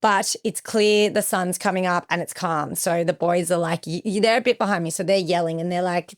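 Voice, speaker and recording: A woman's voice: on the low side, steady tone, a little fast, few pauses. A young woman recounting a personal ordeal as a podcast guest, with vivid retelling and acted-out quotes. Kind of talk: emotional personal storytelling.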